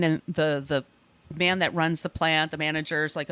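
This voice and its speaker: A woman's voice: on the low side, moderate pace, no echo. A woman co-hosting a podcast, casually recapping a film and acting out the characters' lines. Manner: chatty, acts out characters' lines in quotes. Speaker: podcast co-host.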